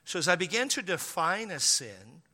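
A man's voice: high-pitched, sing-song, moderate pace, sharp tone, in a large hall. A middle-aged male pastor preaching a sermon as a chatty story, with joking asides and frequent restarts.

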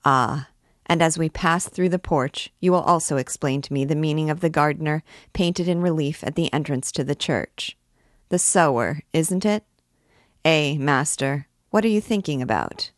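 A woman's voice: sits low, normal speed, no room sound, clean studio sound, natural voice. A woman voicing a fawning, rambling male royal prosecutor who chatters on eagerly. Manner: obsequious, rambling.

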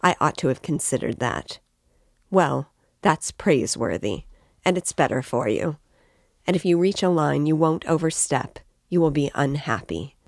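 Woman reading sarcastic brooding young man, low voice, dry close recording. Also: lively intonation, moderate pace, no room sound. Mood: bitter. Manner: bitter, sarcastic. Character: brooding feverish young male student. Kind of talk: reading a novel aloud.

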